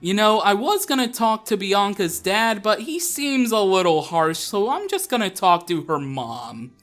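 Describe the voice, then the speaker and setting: Animated young man doing game commentary. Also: high voice, a little slow, faint music behind. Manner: animated, chatty, laughing. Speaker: Let's Play host. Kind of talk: casual gameplay commentary.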